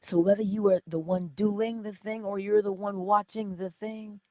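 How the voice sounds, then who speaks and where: A woman's voice: medium pitch, fairly even intonation, normal speed, darkish tone, dry recording. A woman giving an inspirational morning teaching in a preacherly, conversational way, full of rhetorical questions. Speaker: spiritual teacher.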